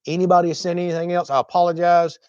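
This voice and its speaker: A man's voice: high-pitched, little pitch movement, racing, darkish tone, clean tone, no echo, dull audio. A man with a Southern US accent from Florida, casually chatting on a livestream as host and reading viewer comments. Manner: chatty, drawling, laughs often.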